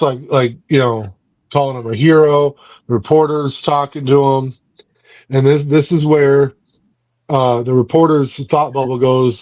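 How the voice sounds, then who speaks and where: A man's voice: mid-range voice, a little mellow, dry recording, highs cut off. Man rambling through a comic recap. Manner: rambling, frequent fillers and restarts. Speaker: book club podcast host. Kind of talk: casual comic book recap and review.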